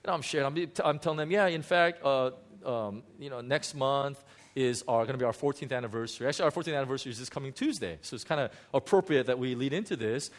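A man's voice: mid-range voice, very fast, few pauses. A man who is a pastor, telling a candid, self-mocking story from his own marriage in a sermon, with many restarts and fillers. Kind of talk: sermon testimony.

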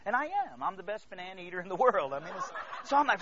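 A man preaching a sermon as a pastor, swinging from hushed near-whispers to loud exclamations and calling out to the congregation. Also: sits high, expressive, racing, noisy background. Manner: storytelling, calls out to the congregation. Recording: dull lo-fi recording.

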